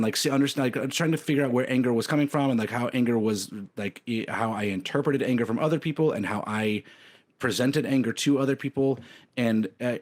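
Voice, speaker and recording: A man's voice: medium pitch, darkish tone. A man in his thirties co-hosting a podcast, talking candidly in a rambling way, full of fillers and restarts. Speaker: podcast co-host. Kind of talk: casual chat.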